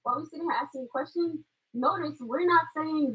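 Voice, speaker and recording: A woman on a podcast calmly making a pointed case during an argument. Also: high voice, a little fast, poor audio. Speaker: podcast guest.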